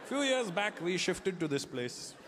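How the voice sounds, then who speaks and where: A comedian putting on a calm, friendly older Indian uncle with an Indian English accent. He speaks in a gentle, matter-of-fact way and sits high in his voice. The recording comes from a noisy live stage. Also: a little slow.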